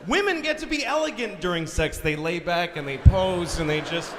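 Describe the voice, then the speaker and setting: Performing stand-up in a large concert hall, a Boston man delivers a crude, blunt set full of exasperated rants. His voice is high, animated and fairly bright, at a moderate pace, in a live theater recording with audience noise.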